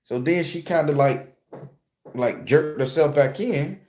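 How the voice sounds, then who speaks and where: A man's voice: a little high, measured pace, a little mellow. A man vlogging a casual story as a blunt, profane and emphatic rant.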